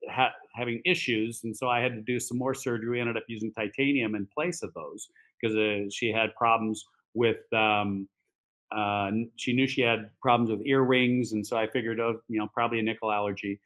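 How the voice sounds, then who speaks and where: A man who is an orthopedic surgeon tells patient stories on a podcast in a mid-range voice, at a moderate pace with fairly even intonation. He rambles with many fillers and acts out quoted dialogue, his fairly bright tone coming through poor audio.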